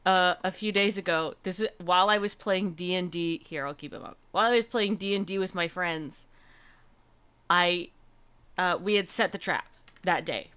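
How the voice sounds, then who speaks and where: A woman's voice: on the low side, normal speed, sharp tone, clear, resonant tone. A young woman hosting a livestream, chatting casually and gushing through a personal story with lots of fillers. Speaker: livestream host.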